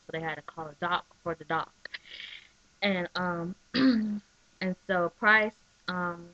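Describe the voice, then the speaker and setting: A woman in casual chat, talking excitably with lots of "like" and "um" as she recaps a soap episode on her webcam. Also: medium pitch, no echo. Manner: chatty and excitable, full of "like" and "um". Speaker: soap opera recap vlogger. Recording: dull lo-fi webcam audio.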